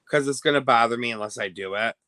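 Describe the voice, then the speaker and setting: A man's voice: mid-range voice, quick pace, bright, forceful tone, no room sound. A man hosting his own show, telling a long rambling story to viewers in a chatty, self-interrupting way. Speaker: host.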